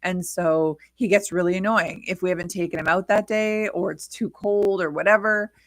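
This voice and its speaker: A woman co-hosting a podcast from her home office, chatting casually and telling animated stories. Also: on the low side, normal speed, no echo. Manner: chatty, animated storytelling about her dog. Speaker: podcast co-host. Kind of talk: casual chat. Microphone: desk microphone on a video call.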